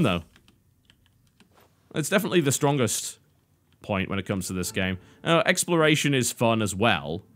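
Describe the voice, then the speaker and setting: A man's voice: on the low side, fairly bright tone. A British man giving a game review commentary over gameplay, dry and sardonic with self-mocking asides.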